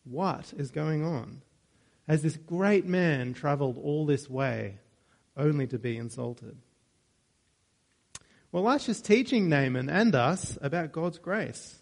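A man's voice: a little high, expressive, slow, vocal fry. A man preaching a sermon in a conversational way, with joking asides and self-corrections.

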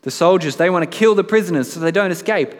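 A man's voice: sits high, expressive, fast. A man preaching a sermon in a conversational way, now and then reading aloud with dramatic emphasis. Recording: long hall reverb.

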